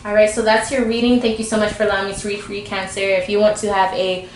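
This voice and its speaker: A woman gives a casual tarot reading, chatty and informal as she talks straight to her viewers. Her voice sits at a middle pitch. The room around her is echoey, with a faint hum of background noise. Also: flat delivery, quick pace. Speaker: tarot reader.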